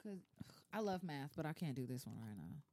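A woman co-hosting a podcast in a casual chat, emphatic and quick to agree and chime in. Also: sits low, sing-song, warm tone.

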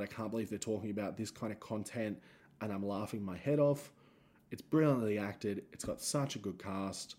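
A man's voice: medium pitch, dark tone. An Australian man hosting a solo podcast, rambling and self-mocking as he tells stories. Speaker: podcast host and comedian.

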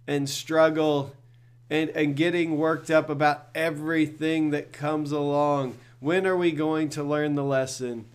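A man's voice: fairly high pitch, vocal fry, clean tone. A middle-aged male pastor giving a devotional talk in an earnest, conversational way, often repeating words as he thinks.

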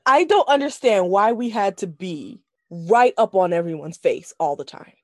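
Blunt, animated woman chatting. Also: medium pitch, normal speed. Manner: blunt, profane, laughs often, animated. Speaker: podcast co-host reviewing a film. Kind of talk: casual chat.

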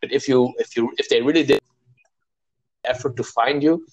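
A man in a casual conversation, speaking haltingly as he searches for words. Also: mid-range voice, breathy edge, lo-fi sound. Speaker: guest writer.

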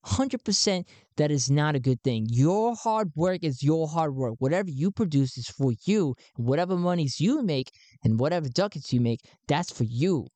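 Guy playing a pushy rebel recruiter, swoops up high, calls everyone bud. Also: expressive, moderate pace, dark tone, no room sound, natural voice. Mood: emphatic. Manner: folksy, conspiratorial, calls people bud. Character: zealous male anti-government recruiter.

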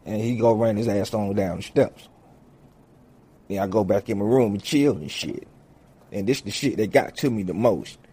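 Low-ish and slightly rough, a man's voice carries a profane comedic story at a moderate pace. He swears heavily and brings each character to life in an animated way.

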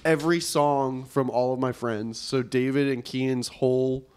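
A man's voice: medium pitch, fairly even intonation, a little slow, a little mellow, clear, resonant tone. A young man co-hosting a podcast, chatting casually and telling playful joking stories. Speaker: podcast co-host. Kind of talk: casual chat.

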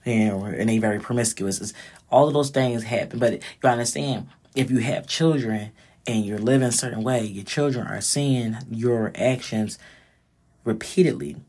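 A woman's voice: extremely low pitch, normal speed, a little mellow, breathy edge. A woman in her thirties giving a blunt, profane, direct casual monologue as a vlogger.

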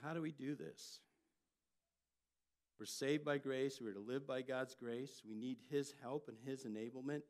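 An older man, a pastor, preaching a sermon and telling family stories with lively jumps in loudness. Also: medium pitch, unhurried. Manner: storytelling, animated delivery with jumps in loudness.

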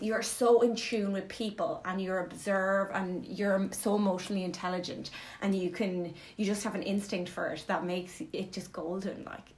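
A woman's voice: medium pitch, darkish tone. Enthusiastic woman hosting a chat. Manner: enthusiastic, filler-heavy, encouraging. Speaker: podcast host. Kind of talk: casual chat.

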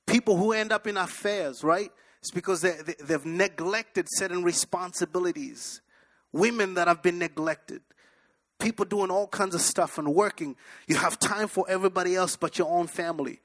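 High-voiced emphatic man preaching. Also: normal speed, a bit bright. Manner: emphatic, repetitive preaching with sudden bursts and drops. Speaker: pastor. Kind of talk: sermon. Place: church service.

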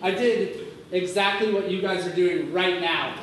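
A man's voice: high-pitched, a little slow, noisy background. A man in his thirties telling a stand-up story on a club stage, swearing and acting out every voice. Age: 30s. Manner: animated, profane, acts out quotes. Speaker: stand-up comedian. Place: comedy club stage with audience.

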